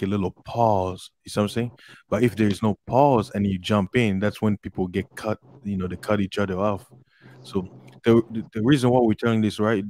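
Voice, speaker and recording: A man with a low voice talks in a casual group voice chat, slowing his delivery on purpose so every word lands. His tone is patient and coaching. A faint hiss of noise sits behind him. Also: a little mellow. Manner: slow, deliberate, coaching tone. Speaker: group member giving advice.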